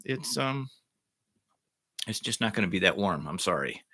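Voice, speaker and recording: A man's voice: fairly low pitch, very animated, moderate pace, bright, forceful tone, no room sound. Rambling, offhand middle-aged man. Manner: rambling, offhand, self-deprecating. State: under the weather. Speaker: golf vlogger. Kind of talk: casual rambling monologue to camera.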